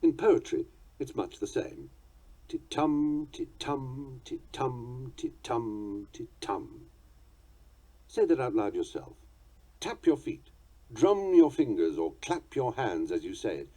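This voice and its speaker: A man reading a book on poetry aloud in a measured, articulate and playfully precise manner. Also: lowish voice, huge pitch swings, dark tone, breathy edge. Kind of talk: audiobook narration.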